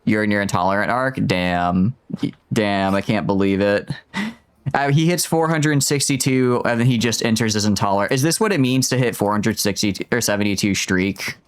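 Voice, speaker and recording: A man's voice: on the low side, normal speed, clean tone. A man chatting casually while live-streaming a video game, joking and rambling with a self-mocking manner.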